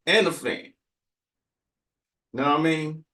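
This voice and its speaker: A man's voice: a little high, extremely slow, pushed and bright. A man from Texas, hosting a casual livestream chat in a laid-back, rambling way with many fillers. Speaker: livestream host. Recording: roomy, distant from the mic.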